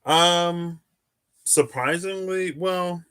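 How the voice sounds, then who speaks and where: A man's voice: high-pitched, steady tone, extremely slow, sharp tone, clean tone. A man hosting a live tarot stream, chatting casually and answering viewers' questions as he wanders through his thoughts.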